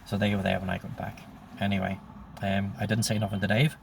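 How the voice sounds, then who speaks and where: A man's voice: lowish voice, level tone, brisk, creaky, slight background noise. A man in his sixties telling a story from his past, blunt and profane, often breaking off and restarting. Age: 60s. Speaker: storyteller recounting his life. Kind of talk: personal storytelling monologue.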